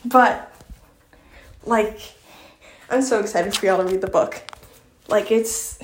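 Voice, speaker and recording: A woman's voice: mid-range voice, slow, long pauses, echoey room, a little hiss or hum. A woman with a Southern accent hosting her own podcast, chatting in an effusive, filler-heavy way and reading aloud from her book. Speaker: podcast host.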